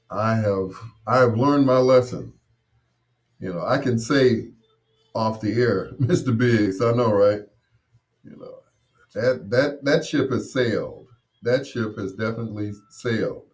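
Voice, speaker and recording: A man's voice: fairly low pitch, measured pace. A man hosting a show, telling rambling personal stories with frequent laughs and restarts. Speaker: host. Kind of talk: casual storytelling.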